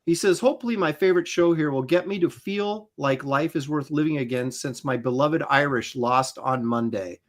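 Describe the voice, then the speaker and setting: A man's voice: a little high, moderate pace, few pauses. A man in his sixties hosting a livestream, reading out chat names with wry asides. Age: 60s. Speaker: host.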